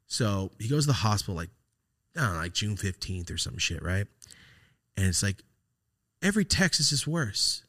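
A man's voice: lowish voice, big pitch swings, normal speed, pauses often, pushed and bright, no room sound, clean studio sound. A man hosting a podcast, telling a rambling personal story in casual, profane talk and acting out the texts he quotes. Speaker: podcast host.

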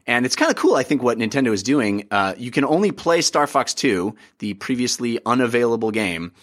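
A man hosting a podcast, upbeat and excitable, chatting casually about games with plenty of fillers. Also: mid-range voice, brisk. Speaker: podcast host. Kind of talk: casual chat.

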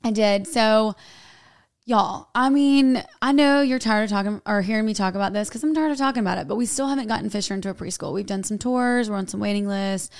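A young woman co-hosts a podcast, speaking a little fast in a medium-pitched voice with no echo. In casual chat, she rambles through a personal story, saying "like" a lot.

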